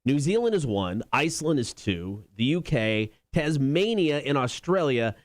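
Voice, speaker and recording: A man's voice: medium pitch, big pitch swings, normal speed, no echo. A man co-hosting a morning radio show from a studio mic, bantering and laughing often.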